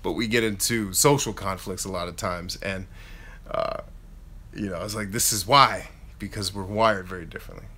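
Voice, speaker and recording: A man in his thirties hosting a casual live Q&A, chatting in an animated way and reading out viewer questions. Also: sits low, normal speed. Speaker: YouTube host answering live chat.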